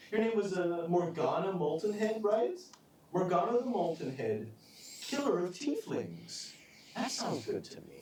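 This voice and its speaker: A man voicing a brutal, mocking male thug in plate armor, with drawn-out sarcastic threats that jump suddenly louder. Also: sits high, very noisy, voice pushed up, heavily acted. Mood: taunting. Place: live stage show. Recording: echoey live stage with audience from a distance.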